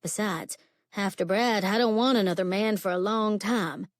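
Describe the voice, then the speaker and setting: A woman's voice: mid-range voice, moderate pace, no echo, clean studio sound, close to an everyday voice. A woman playing a brash, wisecracking barmaid.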